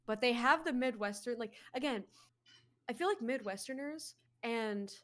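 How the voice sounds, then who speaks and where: A woman's voice: fairly high pitch, expressive, normal speed, a bit bright. An American woman chatting casually on a game stream, rambling with lots of fillers and restarts. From United States. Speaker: co-streamer guest.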